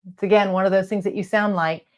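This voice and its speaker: Woman, middle pitch, chatty, blunt, encouraging, coaching talk, some letters not crisp, office. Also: fairly even intonation, fast, darkish tone. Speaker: real estate video coach. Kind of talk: casual advice talk to camera. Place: home office lit by lamps.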